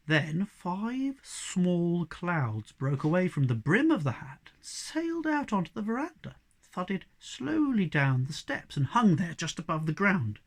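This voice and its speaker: Expressive storyteller reading a kids book, lively up and down voice. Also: medium pitch, breathy edge. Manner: expressive, varied delivery. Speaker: reader.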